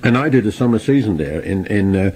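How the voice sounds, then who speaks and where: A man's voice: fairly low pitch, animated, fairly quick, darkish tone, husky. An older man with an Irish accent telling chatty stories about his career as an entertainer in an interview. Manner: chatty storyteller, chuckles, restarts. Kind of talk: relaxed anecdotal interview.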